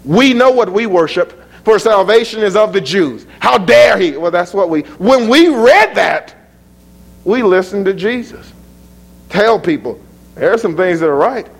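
A man preaching a sermon, citing scripture chapter and verse, dropping to low asides and rising to near-shouted peaks. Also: lively intonation, a little slow, vocal fry.

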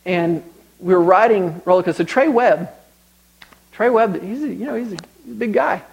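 A man's voice: high voice, normal speed, vocal fry, lo-fi sound. A young man preaching a sermon, telling stories conversationally and building to emphatic exhortation.

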